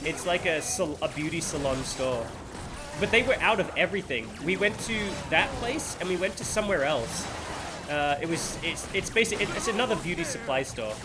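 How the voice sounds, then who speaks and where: An adult man chats live while streaming a game, his fairly high, expressive voice at a normal speed. He rambles playfully and laughs at himself, with game music and other background noise audible.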